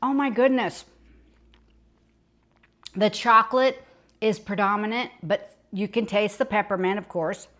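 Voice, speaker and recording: A woman's voice: mid-range voice, normal speed, fairly bright tone. A woman filming a casual home baking vlog in her kitchen, gushing and exclaiming often, on a small clip-on mic. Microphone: small clip-on microphone.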